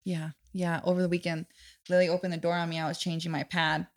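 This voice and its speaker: A woman in her thirties hosting a casual podcast chat, telling animated stories, acting out voices and laughing often. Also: quick pace. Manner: animated storyteller, acts out voices with loud high bursts and laughter. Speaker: podcast host.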